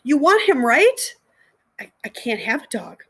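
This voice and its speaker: A woman's voice: high voice, big pitch swings, a little slow, breathy edge, voice pushed up, full character voice. A woman reading aloud, voicing a frightened young girl who tearfully pleads for someone to take her puppy. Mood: tearful pleading.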